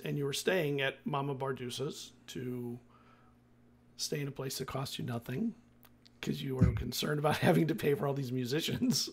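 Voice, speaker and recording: A man's voice: medium pitch, creaky, husky. A man acting as game master, recapping the last session of a tabletop game in a loose, chatty way that often corrects itself.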